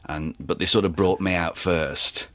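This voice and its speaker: A man chatting as a guest on a radio show, laid-back and quick to laugh, often slipping into voices. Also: sits low, steady tone, pushed and bright, no room sound. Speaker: guest impressionist. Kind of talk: casual radio chat. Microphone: studio microphone.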